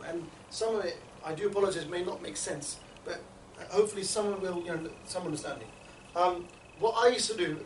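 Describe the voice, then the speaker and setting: A man with a fairly high voice coaches a group of trainees, rattling through his points quickly and tossing in "yeah?" and "right?" to keep them with him. He was recorded in an echoey indoor room from some distance away, with a faint hum of ambience behind him. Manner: rapid, chatty, keeps checking in with "yeah?" and "right?". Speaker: street outreach trainer. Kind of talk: instructional group talk.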